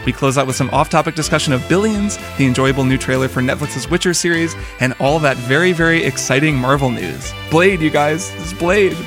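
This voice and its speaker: A man's voice: a little high, fairly quick, hardly any pauses, over music. A man hosting a casual video game podcast, chatty and rambling with fillers. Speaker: podcast host.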